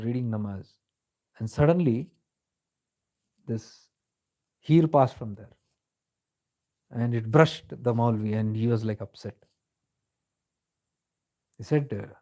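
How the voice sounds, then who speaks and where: A man's voice: mid-range voice, takes it slowly, pauses often, mellow. A man giving a reflective spiritual discourse, telling stories in a conversational way and slipping into Hindi phrases. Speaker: spiritual teacher.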